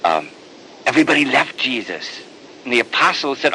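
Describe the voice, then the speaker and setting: Priest spinning a sermon story, pitch all over, bright voice. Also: male voice, normal speed, a little hiss or hum, low-quality recording. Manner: animated, dramatic storyteller.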